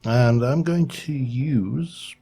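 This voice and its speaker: A man's voice: medium pitch, very slow, warm tone, breathy edge. A man thinking aloud as he narrates his building game, rambling and humming to himself as he works. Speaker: let's play host. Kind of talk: gameplay commentary.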